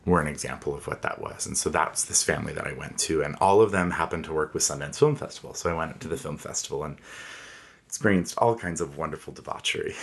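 Deep-voiced man in his thirties, candid and reflective, interview storytelling. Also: moderate pace. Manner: candid, reflective, with frequent fillers. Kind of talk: personal storytelling.

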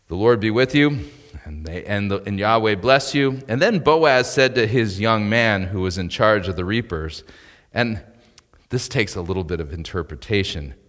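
Man preaching a sermon, lower-pitched voice. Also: fairly bright tone, long reverb tail. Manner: expository preaching with asides and rhetorical questions. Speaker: pastor.

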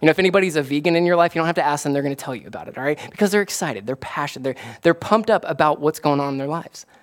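A man, a pastor, preaching a casual, conversational sermon that rises to excited emphasis. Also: fairly high pitch, racing. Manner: animated, rising to excited emphasis.

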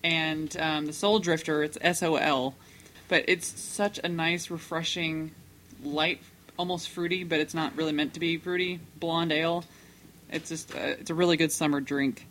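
A woman with a bright, crisp voice chatting with friends. She talks with enthusiasm and gives detailed descriptions, with a faint room murmur behind her. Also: sits low, fairly even intonation, moderate pace, a little hiss or hum. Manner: enthusiastic, descriptive, laughs easily. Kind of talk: casual group chat.

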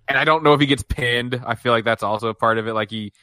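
A man co-hosting a podcast in casual chat, relaxed and rambling. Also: medium pitch, fast, smooth, no echo. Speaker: podcast co-host.

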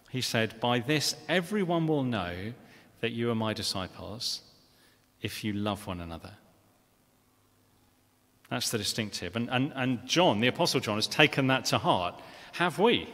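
A man's voice: medium pitch, moderate pace, long pauses, a bit bright. A man preaching a sermon in a church, earnest and conversational, often restarting phrases and asking the congregation questions. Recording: long reverb of a church hall.

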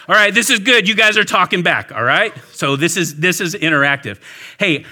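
A man, a pastor, telling a lively story to a church audience and talking back and forth with them. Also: a little high, moderate pace. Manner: animated storyteller, talks with the audience. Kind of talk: storytelling sermon. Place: warm indoor church hall with an audience.

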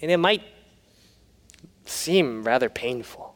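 A man's voice: medium pitch, expressive, slow, a bit bright, in a large hall. A man preaching a sermon, telling stories with humor and then turning earnest. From United States. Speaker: pastor.

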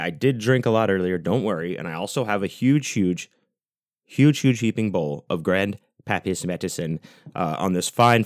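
A man's voice: low voice, dry recording, studio quality. A man hosting his podcast, talking in a loose, rambling way with casual swearing. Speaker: podcast host. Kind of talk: casual monologue.

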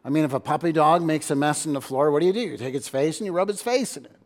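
Brief: earnest male pastor giving a sermon, fairly high voice, reverberant church hall. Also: fast talker. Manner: earnest, repeats words as he restarts, shifts loudness for emphasis.

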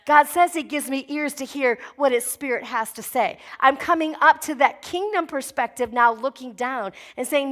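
A woman pastor with a high voice delivers an emphatic sermon. She is middle-aged and drives her points home with forceful spoken declarations. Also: moderate pace, hardly any pauses. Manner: emphatic preaching, declaring commands with rising force.

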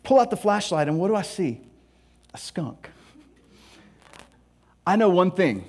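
A male pastor preaching a sermon in an animated, storytelling way, laughing at himself along the way. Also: high-pitched, fast.

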